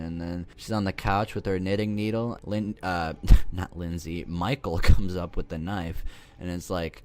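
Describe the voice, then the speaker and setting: A man's voice: low voice, fairly even intonation, unhurried, a little mellow. A man recapping a horror film in a casual, rambling, profane way, joking as he goes. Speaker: movie reviewer.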